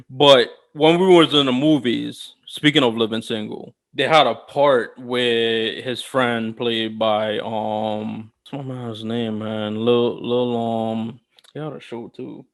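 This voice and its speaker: A young man co-hosting a podcast, chatting casually and telling stories in a rambling, animated way with lots of restarts. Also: mid-range voice, slow. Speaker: podcast co-host. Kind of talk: casual chat.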